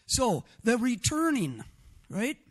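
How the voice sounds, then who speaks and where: Man, preacher, very high pitch, expressive, loud at times, keeps asking "right?". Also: takes it slowly, husky. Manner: rhetorical "right?" asides. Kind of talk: sermon.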